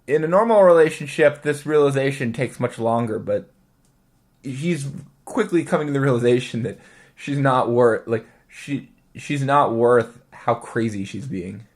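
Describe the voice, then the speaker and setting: A man's voice: mid-range voice, a little mellow. A man hosts a casual podcast chat in an ordinary mid-range voice. He sounds incredulous and keeps pressing his points. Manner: incredulous, rapid questioning.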